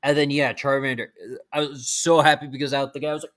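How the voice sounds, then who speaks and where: A man's voice: medium pitch, little pitch movement, quick pace, fairly bright tone. A man commenting casually on a video game as he plays, chatty and rambling, often restarting his sentences, with game music behind him. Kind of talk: let's play commentary.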